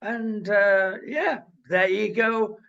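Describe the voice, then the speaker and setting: A man's voice: sits high, extremely slow, vocal fry. A man co-hosting a casual current-affairs chat, opinionated and rambling with lots of uhs. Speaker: co-host. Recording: dull lo-fi sound.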